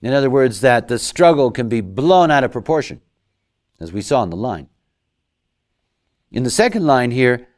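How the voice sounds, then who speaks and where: A man giving a lecture, talking in an animated way and acting out quoted voices. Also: medium pitch, normal speed, long pauses. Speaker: lecturer on human design.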